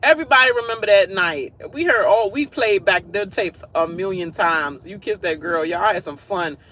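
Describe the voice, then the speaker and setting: A man's voice: high voice, normal speed, sharp tone. A man giving a casual, blunt and profane reality-TV recap rant from work, laughing often. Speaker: show recap host.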